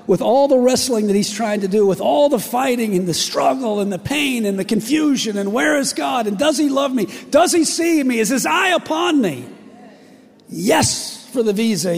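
A man preaching a sermon as pastor, impassioned and emotional, swinging from loud declarations to hushed lines. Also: high-pitched, vocal fry, big-room sound. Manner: impassioned, rising to shouts and dropping to near-whispers. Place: church.

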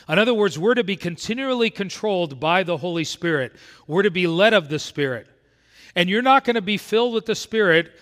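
A pastor preaches with emphasis, his voice sitting a little high for a man. He drives home his points by repeating them. A long reverb trails after his words as if in a large church hall. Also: a bit bright. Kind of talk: sermon.

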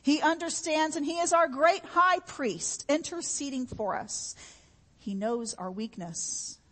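A woman's voice: high-pitched, a little slow, a bit bright, long reverb tail. A woman preaching a sermon in an earnest, repetitive way, with homey everyday examples.

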